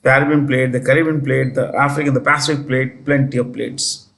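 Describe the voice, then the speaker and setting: Chatty Indian English teacher, self-correcting. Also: male voice, mid-range voice, steady tone, a little fast, vocal fry, fairly bright tone, reverberant. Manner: chatty, repeats points, corrects himself aloud; speaks directly to students. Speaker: test-prep teacher. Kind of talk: current affairs lesson.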